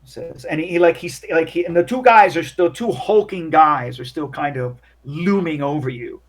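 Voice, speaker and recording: A man's voice: on the high side, moderate pace. A man narrating as game master in a casual, rambling way with many fillers.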